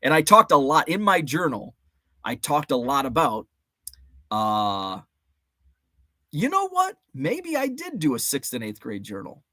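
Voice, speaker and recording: A man's voice: mid-range voice, sing-song, a little slow, bright, forceful tone, dry recording, studio quality. A man around forty hosting a casual livestream, rambling through memories, greeting chat viewers by name and swearing mildly. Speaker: host.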